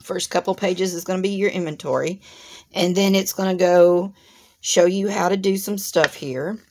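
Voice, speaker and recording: A woman's voice: fairly low pitch, fairly even intonation, normal speed, a little mellow, slight background noise. A woman, hosting a crafting channel and chatting casually through an unboxing to her viewers. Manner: chatty, instructive, addresses viewers directly.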